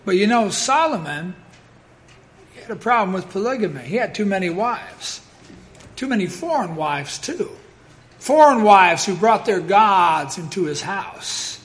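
High-voiced, dramatic male preacher. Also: animated, measured pace. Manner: dramatic, emphatic, swinging from loud declarations to hushed asides. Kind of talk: sermon.

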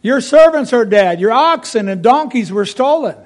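A man's voice: extremely high pitch, lively intonation, moderate pace, voice pushed up. A man voicing a messenger with grim news. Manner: reporting in rhymed lines.

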